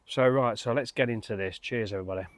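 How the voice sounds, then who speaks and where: A man's voice: mid-range voice, quick pace. A man, casually reviewing beer in a rambling way, full of fillers and restarts.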